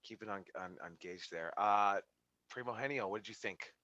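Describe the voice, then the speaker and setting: A man's voice: on the low side, normal speed, pushed and bright, dry recording, muffled recording. A man teaching a wrestling class over a video call, giving feedback in a rambling way with many fillers and restarts. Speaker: wrestling instructor.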